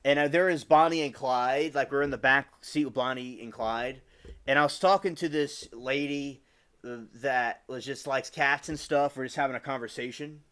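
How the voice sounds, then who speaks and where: A man's voice: mid-range voice, normal speed, fairly bright tone, smooth. A man in his twenties rambling casually on a live stream, greeting chat viewers by name and restarting his sentences often. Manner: rambling and chatty, with many restarts.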